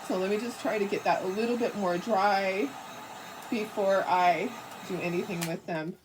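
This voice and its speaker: A woman's voice: medium pitch, steady tone, normal speed, recorded from a distance, background noise. A middle-aged woman hosting a casual live craft tutorial, chatty and rambling, with lots of fillers and frequent laughs. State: hiccups.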